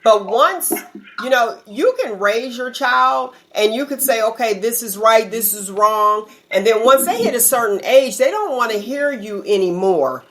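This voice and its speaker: A woman hosting a casual interview, asking quick conversational follow-up questions. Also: a little high, lively intonation, fairly bright tone, low-quality recording. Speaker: talk show host.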